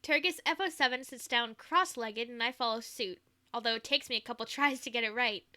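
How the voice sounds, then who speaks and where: A woman's voice: fairly high pitch, a little fast, bright, forceful tone. A woman streaming a game, reading it aloud and chatting in a playful manner. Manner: playful, laughs easily. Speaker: streamer reading a visual novel.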